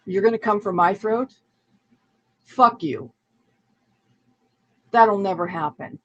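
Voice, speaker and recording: A woman's voice: mid-range voice, fairly quick, muffled recording. A woman in a heated online argument who repeats herself in a taunting, contemptuous way.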